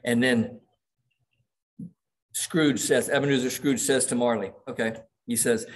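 A man's voice: mid-range voice, fairly even intonation, measured pace, pauses often. A middle-aged man preaching a sermon as pastor, reading quoted passages aloud with dramatic emphasis.

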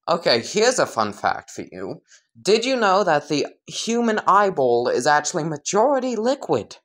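A woman's voice: lowish voice, big pitch swings, normal speed. A woman casually narrating a crude, rambling comedic fan story.

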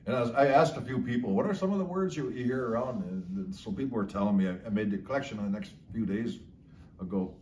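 A man's voice: on the low side, a little mellow, a little hiss or hum. A man casually explaining local slang words, chuckling often as he talks. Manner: slow, chuckling, drawn-out storytelling. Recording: echoey room, slightly distant mic.

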